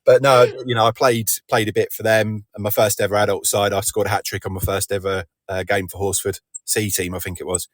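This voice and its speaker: Podcast co-host: guy, very low voice, dry close sound, rambling modest chat. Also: little pitch movement, fairly quick, hardly any pauses, dry recording. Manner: rambling, self-deprecating, many restarts. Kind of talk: casual chat.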